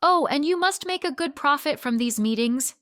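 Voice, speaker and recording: Poised confident businesswoman, read by a woman, kind, composed, gently assertive, storybook, dry close sound. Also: medium pitch, animated, moderate pace, dry recording, lightly acted.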